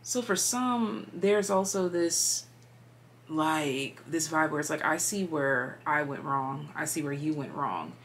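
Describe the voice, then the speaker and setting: Low-voiced woman, casual tarot reader, rambling and filler-heavy, faint background hiss. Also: takes it slowly, a bit bright. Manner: chatty, meandering, filler-heavy, drops into whispers.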